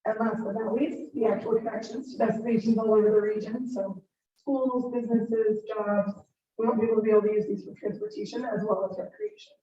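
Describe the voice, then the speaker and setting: A hoarse woman giving an upbeat, informal presentation to a group, explaining things step by step. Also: a little high, steady tone, fairly quick, dark tone, slight background noise. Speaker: guest speaker. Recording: distant roomy dull meeting recording.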